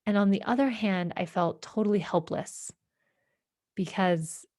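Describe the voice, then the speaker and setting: A woman hosting a podcast, telling a personal story in a reflective, halting way with many fillers and restarts. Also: mid-range voice, a little mellow, dry recording, studio quality. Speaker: podcast host.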